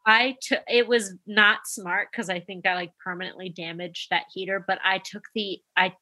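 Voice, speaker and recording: A young adult woman, a nurse, telling a story in casual chat and acting out quotes with big jumps in pitch. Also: steady tone, moderate pace, sharp tone.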